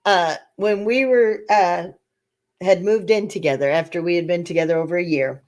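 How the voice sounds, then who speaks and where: A woman's voice: lowish voice, normal speed. An older woman, hosting a casual chat and telling stories with laughter. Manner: lively storytelling with laughter, acting out voices. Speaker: channel host.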